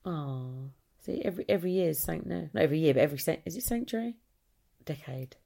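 Gravelly-voiced Essex woman chatting. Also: low-pitched, lively intonation, warm tone. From Essex, England. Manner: chatty, rambling, quick to quote others. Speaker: podcast host. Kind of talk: casual solo chat.

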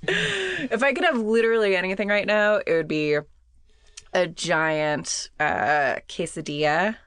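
A woman's voice: medium pitch, lively intonation, unhurried, fairly bright tone, no room sound. A young woman chatting casually as a podcast co-host, rambling with lots of "like", restarts and frequent laughter. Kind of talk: casual chat.

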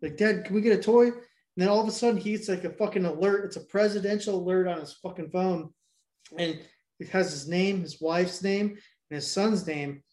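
A man's voice: sits high, normal speed, a little mellow. Rambling, foul-mouthed man in an echoey room. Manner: rambling, profane, jumps back and forth. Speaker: podcast co-host recapping a movie. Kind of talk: casual chat.

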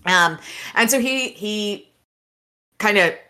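A woman co-hosting a casual book podcast, chatting about chapters and reading passages aloud in an animated way. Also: medium pitch, slow pace. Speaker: podcast co-host.

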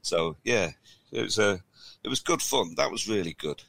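A middle-aged man with a low, bright and forceful voice tells rambling stories, chuckling as he goes. He co-hosts a casual podcast chat. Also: animated, normal speed, gravelly. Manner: rambling, chuckling anecdote-teller. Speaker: podcast co-host.

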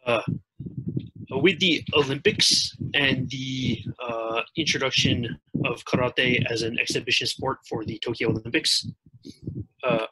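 A man's voice: mid-range voice, steady tone, measured pace, bright, forceful tone, husky. A man being interviewed as a guest, explaining at length with many hesitations. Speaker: guest, karate practitioner. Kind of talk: casual interview talk. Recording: noisy background.

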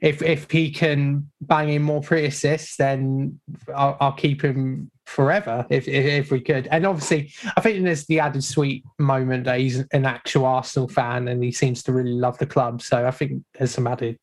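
Measured man hedging his opinions. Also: medium pitch, fairly even intonation. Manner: measured, hedging with repeated "I think". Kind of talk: casual football chat.

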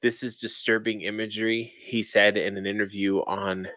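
A man's voice: fairly low pitch, little pitch movement, moderate pace, pushed and bright, no echo. A young man co-hosting a casual podcast, reading a news article aloud and breaking off into swearing asides. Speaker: podcast co-host.

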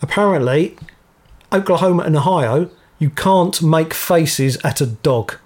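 A man's voice: fairly high pitch, measured pace. A man co-hosting a podcast, chatting casually and breaking into laughter often. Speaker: podcast co-host. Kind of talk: casual chat.

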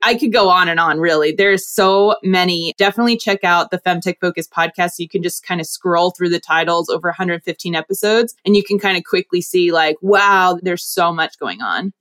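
A woman's voice: lowish voice, fairly quick, few pauses. Chatty woman investor. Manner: chatty, animated retelling. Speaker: guest, investor. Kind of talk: casual interview talk.

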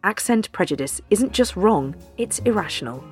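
A woman narrating a news feature in a measured, deliberate way. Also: mid-range voice, lively intonation, darkish tone, soft background music. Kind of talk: scripted narration.

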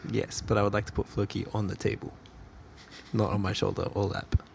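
A man's voice: lowish voice, little pitch movement, a little fast, vocal fry, slight background noise. A man playing a tabletop game, playful, sometimes using mock-formal in-character speech. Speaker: player. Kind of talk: casual play with in-character lines.

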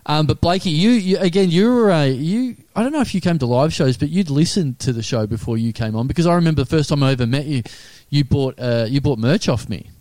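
Male podcast host, fairly high voice, dry close sound, deadpan teasing banter. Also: brisk, hardly any pauses, dry recording. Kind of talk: casual comedy podcast chat.

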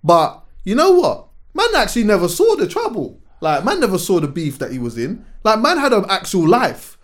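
A man co-hosting a podcast, retelling a show in animated, slangy casual chat. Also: high voice, normal speed. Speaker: podcast co-host.

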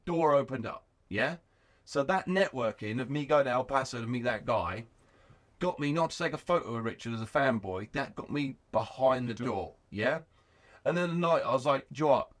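A garage owner in his thirties, speaking at normal speed in a mid-range voice, relates his story in a lively, casual way with plenty of swearing. When he quotes people, he acts out their voices.

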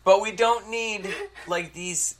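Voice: medium pitch, takes it slowly, a little hiss or hum. A podcast co-host recapping an episode in casual chat, enthusiastic and opinionated and swearing freely.

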